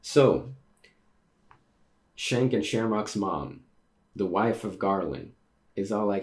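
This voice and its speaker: A man streaming a casual read-through of a comic, reacting excitedly with slangy exclamations. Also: fairly low pitch, slow, long pauses. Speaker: streamer reading manga aloud.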